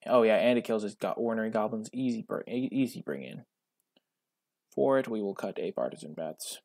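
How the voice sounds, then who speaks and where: Man, lowish voice, casual card game commentary, wry, self-mocking, bursts of excitement. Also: fairly quick, creaky, dry recording, clean studio sound. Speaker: gaming channel host.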